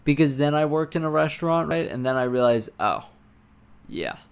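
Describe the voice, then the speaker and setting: A man livestreaming while he codes, muttering to himself, swearing and breaking into excited bursts, with keyboard typing behind him. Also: a little high, moderate pace, gravelly, clear, resonant tone. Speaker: livestreamer coding a game. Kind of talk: casual live-coding stream talk.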